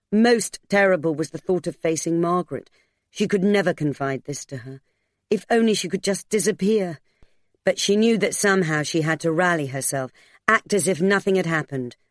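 A woman narrating a novel in a steady, measured storytelling voice. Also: lowish voice, no room sound, clean studio sound. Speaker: audiobook narrator.

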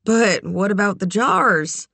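A woman voicing a shy, reluctant young woman who speaks in a hesitant, low-key way. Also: measured pace, pushed and bright, dry recording, full character voice.

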